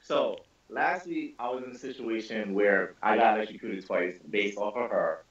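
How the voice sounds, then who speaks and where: A man's voice: fairly low pitch, normal speed. A man on a casual group podcast who tells a story with lots of energy, stammering, repeating words and swearing freely. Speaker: podcast panelist. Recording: roomy, distant, dull lo-fi call audio.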